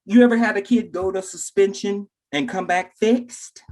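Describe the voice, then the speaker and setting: Giving an animated keynote to an audience of teachers, a man speaks at a moderate pace in a high-sitting, slightly mellow voice with fairly even intonation. He's a dramatic storyteller who performs the characters' voices and addresses listeners directly.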